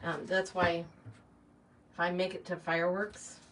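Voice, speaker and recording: A woman's voice: lowish voice, little pitch movement, unhurried. A middle-aged woman chatting casually while she arranges flowers, rambling with lots of fillers and asides. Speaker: shop owner hosting a live chat. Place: small shop or home workspace, indoors. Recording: distant mic, faint background noise.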